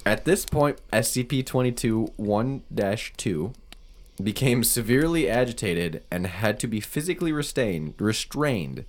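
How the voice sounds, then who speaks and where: A man's voice: on the low side, animated, unhurried. A man reading a creepy document aloud in a casual, joking co-host style, swearing freely.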